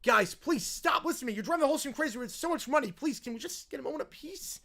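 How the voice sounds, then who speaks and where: A man voicing a flustered grown man who pleads with two screaming kids to calm down. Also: extremely high pitch, fast, voice pushed up, heavily acted. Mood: pleading.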